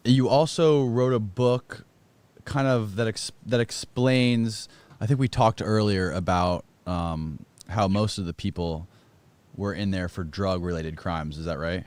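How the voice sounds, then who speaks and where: A man with a low voice hosting an interview. He feels his way through his questions and rewords them mid-sentence. The recording is dry and close. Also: a little mellow, no echo. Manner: halting, rephrasing his questions as he goes. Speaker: interview host.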